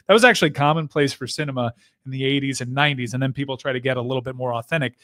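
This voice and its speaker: A man co-hosting a casual sports podcast, tossing in wry, deadpan quips. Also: mid-range voice, quick pace, no echo. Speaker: podcast co-host.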